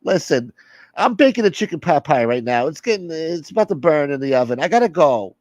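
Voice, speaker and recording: A pampered rich man with a high, coaxing voice keeps telling someone to take it easy, as a man does the bit. He sounds fussy and a little smug, recorded close and dry with no room sound. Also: big pitch swings, fairly quick, a little mellow, dry recording, dull audio. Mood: soothing.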